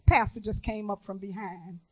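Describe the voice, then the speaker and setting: A woman minister from Chicago preaching a sermon in an earnest, testifying way, moving between hushed and emphatic. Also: medium pitch, steady tone, normal speed, slightly rough, no room sound, poor audio.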